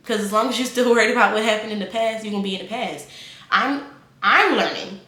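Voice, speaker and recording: A woman in her twenties giving casual life advice, animated and repeating phrases for emphasis. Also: medium pitch, quick pace, reverberant. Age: 20s.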